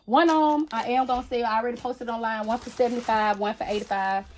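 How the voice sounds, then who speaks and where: A woman's voice: fairly high pitch, fairly even intonation, fast talker, darkish tone, a little hiss or hum. A woman craft vlogger chatting casually to her viewers while she works, rambling and blunt with sassy asides. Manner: rambling, talks straight to viewers with frequent "y'all". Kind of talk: casual chat while working on a basket.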